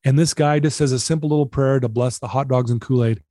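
A middle-aged man recounting a personal story as an interview guest, earnest and animated, acting out the dialogue. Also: medium pitch, fast talker, dry recording, studio quality.

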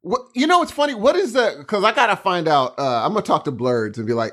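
A man co-hosting a podcast, joking around in casual chat and laughing easily. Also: sits high. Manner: animated, jokey, quick to laugh. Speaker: podcast co-host.

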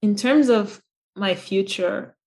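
A woman's voice: medium pitch, slow pace, a little mellow. A woman guest on a podcast talking casually and reflectively, with many fillers and restarts. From United States. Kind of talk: casual interview chat.

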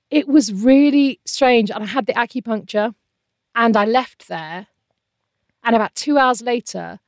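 A woman's voice: fairly high pitch, dry recording, clean studio sound. A woman in her thirties, a guest telling a painful personal story in an earnest, emotional way. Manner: earnest, emotional, animated quoting of others.

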